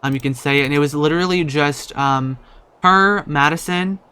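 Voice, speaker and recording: A young man casually commenting on a life-simulation game, rambling, swearing often and breaking into loud startled outbursts. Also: a little high, moderate pace, clear, resonant tone. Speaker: gaming YouTuber.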